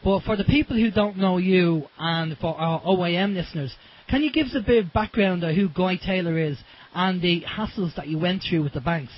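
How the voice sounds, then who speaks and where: A man's voice: sits high, a little fast. Chatty Irish man hosting radio. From Ireland. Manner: chatty, rambling, many fillers. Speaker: radio show host. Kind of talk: casual radio talk. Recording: dull lo-fi internet radio.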